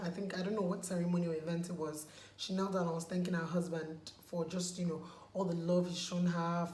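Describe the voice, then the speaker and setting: A woman's voice: lowish voice, warm tone. A woman chatting casually in a vlog while taking off her makeup, emphatic and pleading, repeating words for stress. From Nigeria. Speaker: vlogger. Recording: echoey room, faint background noise.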